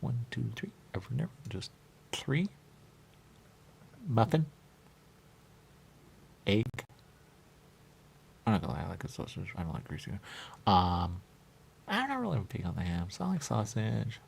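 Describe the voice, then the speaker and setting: A man's voice: fairly low pitch, sing-song, measured pace, creaky, pauses often, breathy edge. A man hosting a talk show, rambling playfully with sing-song repetitions and riffs. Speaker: radio show host.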